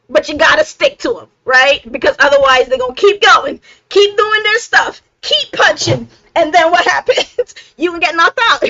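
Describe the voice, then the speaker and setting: A woman's voice: sits high, pushed and bright, no room sound, lo-fi sound. A middle-aged woman hosting a live self-help stream, talking casually and emphatically, laughing often and checking in with "right?".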